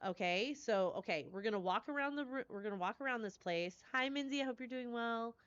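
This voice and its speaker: A woman's voice: a little high, brisk, fairly bright tone, smooth, no room sound. Chatty woman game streamer, effusive with her viewers, on a somewhat muffled recording. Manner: effusive, gushing thanks to chat; rambling, chatty. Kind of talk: live stream chat.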